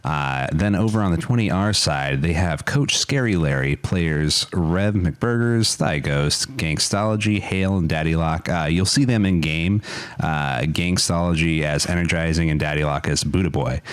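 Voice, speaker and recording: Deep-voiced, friendly esports co-caster, man. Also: moderate pace, clean tone, dry recording. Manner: friendly, hesitant, many restarts. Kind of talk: casual esports broadcast commentary.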